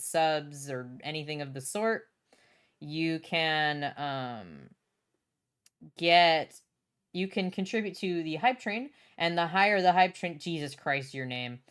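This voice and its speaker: A young woman livestreaming from her home setup, chatting and reacting to chat while she works. She is bubbly and swears freely, and her voice is smooth and clear and sits a little low. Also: a bit bright. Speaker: streamer.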